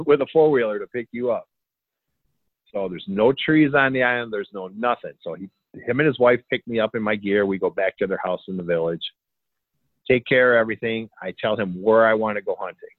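A man's voice: fairly low pitch, brisk, no echo. Man telling a hunting story over a tinny line. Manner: animated, acts out quoted dialogue, chuckles often. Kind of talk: casual storytelling. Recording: tinny phone line, dry.

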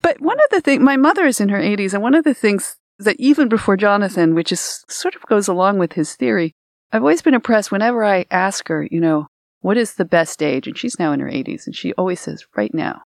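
A woman co-hosting a podcast, telling stories and jokes with lots of laughter. Her voice rises and falls widely at a middle pitch. The sound is close and dry. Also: a little fast, gravelly, dry recording. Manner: animated storyteller, laughs often. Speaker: podcast co-host. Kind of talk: casual chat.

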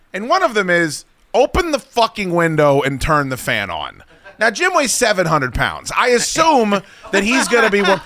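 A man's voice: high-pitched, pushed and bright. A male radio host telling a profane, exasperated story in the studio, acting out other people's lines. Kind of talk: casual comic talk radio rant.

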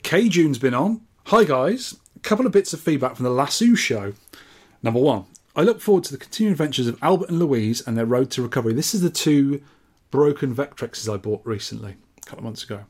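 A man's voice: medium pitch, animated, a little fast, slightly rough. A man co-hosting a casual retro gaming podcast, reading out listener messages in a jokey, rambling way. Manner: jokey, rambling, self-deprecating. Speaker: podcast co-host.

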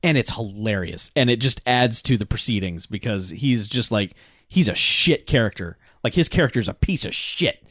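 A man's voice: fairly low pitch, animated, normal speed, fairly bright tone, no echo, studio quality. A man co-hosting a podcast, reviewing a film in rambling, profane, enthusiastic chat. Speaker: podcast co-host. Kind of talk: casual movie review chat.

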